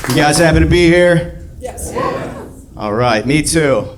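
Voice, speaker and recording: A man's voice: a little high, lively intonation, moderate pace, heavy background noise. A man doing a sardonic stand-up routine on a club stage. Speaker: stand-up comedian. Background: audience laughter.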